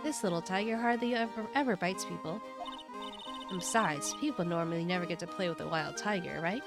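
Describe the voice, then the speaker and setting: A woman's voice: fairly low pitch, a little fast, over music, lightly acted. A woman voicing a playful, brash young woman animal tamer while reading game dialogue aloud. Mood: teasing.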